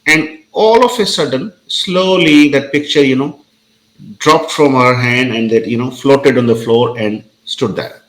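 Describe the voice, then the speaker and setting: A man's voice: mid-range voice, a little slow, rough recording. A man, a podcast guest telling a story in a hesitant, conversational way with many fillers.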